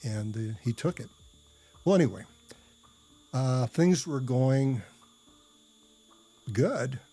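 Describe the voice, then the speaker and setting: A man recounting a story at an unhurried, drawn-out pace, his voice dark and relaxed. He rambles, restarts his sentences and fills pauses with "uh" and "you know". His speech is blunt and a little profane. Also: mid-range voice, husky. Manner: rambling, hesitant, full of fillers and restarts. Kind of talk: casual spoken storytelling.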